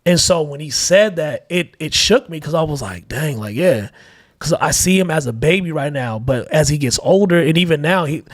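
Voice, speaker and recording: A man's voice: on the high side, lively intonation, normal speed, no echo, clean studio sound. A man in a casual, heartfelt conversation, telling candid personal stories about fatherhood with lots of "like" and acted-out quotes. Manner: candid storytelling with many fillers, acting out quoted voices. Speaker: podcast guest, father.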